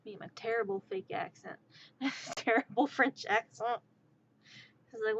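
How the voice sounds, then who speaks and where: A woman chatting casually on a live stream, rambling and scattering "like" through her sentences. Her voice sits on the higher side, and the lo-fi audio sounds dull and muffled. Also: normal speed, slight background noise. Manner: rambling, heavy use of "like".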